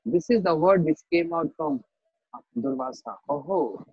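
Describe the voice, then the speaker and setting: A man's voice: extremely high pitch, sing-song, a little slow, vocal fry, slightly rough, dry recording, muffled recording. A man giving a scripture lecture, telling a story, repeating key phrases and checking that listeners understand. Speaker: spiritual teacher.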